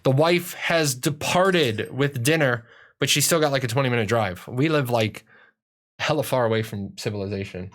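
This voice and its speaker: A man's voice: mid-range voice, normal speed, fairly bright tone. A man from Ireland hosting a casual live-stream Q&A, answering viewer questions in a profane, rambling way with many restarts.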